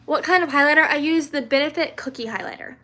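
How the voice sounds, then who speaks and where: A woman's voice: sits high, fast, sharp tone, a little hiss or hum. Chatty young woman on a livestream. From Louisiana, raised in the American South. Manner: chatty, rambling, many fillers and restarts, giggly. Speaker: livestream host answering viewer questions. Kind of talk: casual livestream chat.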